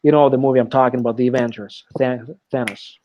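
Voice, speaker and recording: A man's voice: medium pitch, fairly even intonation, fast talker, warm tone, slight background noise. A man teaching an English class live online, explaining step by step and checking in often with "okay", heard through a computer mic on a video call. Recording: dull lo-fi online call audio.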